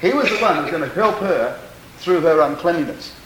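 A man delivering a sermon with a fairly high, very lively voice that swoops up and down. He leans hard on chosen words and slows right down on them, and he reads scripture in a stately, measured cadence. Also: echoey room, a little hiss or hum, rough recording. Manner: emphatic, slow deliberate stresses on words. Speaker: preacher.

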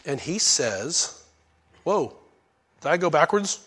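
Male pastor, high-pitched voice, middle-aged, animated sermon delivery, folksy asides. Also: slow, slightly rough. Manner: animated, acts out characters' lines in sudden loud bursts. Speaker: pastor teaching a Bible study.

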